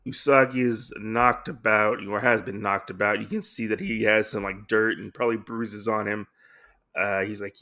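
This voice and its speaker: A man's voice: lowish voice, fairly even intonation, moderate pace, sharp tone. A man hosting a podcast, casually recapping a comic book story with many fillers and restarts. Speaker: podcast host.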